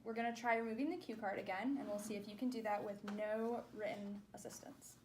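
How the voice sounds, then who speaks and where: A woman's voice: medium pitch, steady tone, fairly quick, slight background noise. A woman speech clinician giving a therapy demonstration, patiently modeling words and praising each try.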